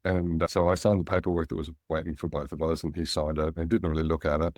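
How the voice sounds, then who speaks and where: A middle-aged Australian man, a guest in an interview, telling relaxed anecdotes and animating the voices of people he quotes. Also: extremely low pitch, fast talker, no room sound, clean studio sound. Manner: anecdotal, animated when quoting others. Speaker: guest, angel investor.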